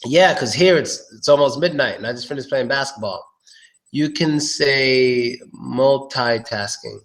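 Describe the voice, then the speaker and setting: Casual man drilling pronunciation. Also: medium pitch. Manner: relaxed, repeats words slowly, swears casually. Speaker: English pronunciation tutor. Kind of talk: casual live-streamed pronunciation lesson.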